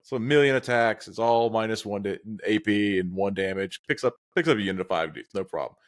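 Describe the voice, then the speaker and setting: A man co-hosting a podcast, explaining game moves in a relaxed, casual chat. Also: lowish voice, a little fast. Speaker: podcast co-host.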